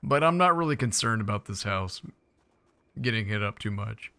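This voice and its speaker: A man's voice: lowish voice, animated, moderate pace, sharp tone. A young man giving casual, playful commentary while playing a survival game, chatting to his viewers with jokey asides. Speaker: gaming YouTuber.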